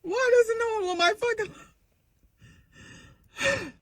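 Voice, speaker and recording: A woman's voice: very high voice, slow pace. A woman venting in a vlog clip, upset, swearing and self-pitying.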